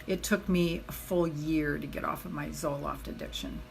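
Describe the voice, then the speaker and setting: This middle-aged woman's voice sits low and gravelly, with a steady tone at normal speed, on a low-quality recording. She's a self-love coach giving a live motivational talk, speaking earnestly and chattily. She repeats key phrases for emphasis and keeps addressing her viewers directly.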